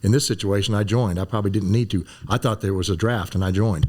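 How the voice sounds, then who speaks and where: An older man in his sixties, a former Army medic, telling animated stories in a relaxed conversation and acting out other people's voices. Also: fairly low pitch, quick pace. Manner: animated storyteller, acts out voices. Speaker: guest, former Green Beret physician. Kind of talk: storytelling in a conversation.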